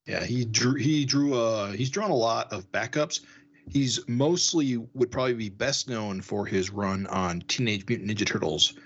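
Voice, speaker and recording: Brief: low-voiced co-host sharing comic trivia, easy-going, dull lo-fi sound. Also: male voice, normal speed. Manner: relaxed, informative, hesitant fillers. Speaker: podcast co-host. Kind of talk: casual comic book discussion.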